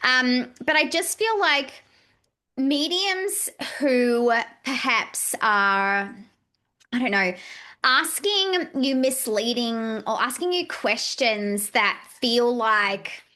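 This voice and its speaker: Speaking slowly in a slightly high voice, a woman from Australia guests on a casual podcast, where she's introduced as a psychic medium. She's animated, acts out quoted lines, and says "like" many times.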